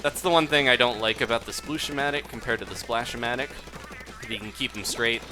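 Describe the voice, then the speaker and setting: Low-voiced guy chatting through a live game stream, giggly, loud game music behind him. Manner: chatty, laughs often, reads chat aloud. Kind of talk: live gameplay commentary.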